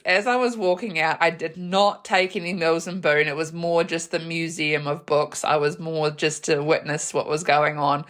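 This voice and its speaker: A woman with a New Zealand accent hosting a podcast, telling a funny story in a casual, animated way, laughing often and acting out what people said. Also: on the low side. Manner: animated, laughs often, acts out quoted voices. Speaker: podcast host.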